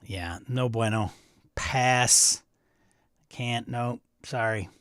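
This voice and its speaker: A man's voice: medium pitch, extremely slow, a bit bright, dry recording, clean studio sound. Chatty man with a Wisconsin accent. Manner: chatty, answering viewer chat aloud. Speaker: host. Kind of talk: casual livestream chat.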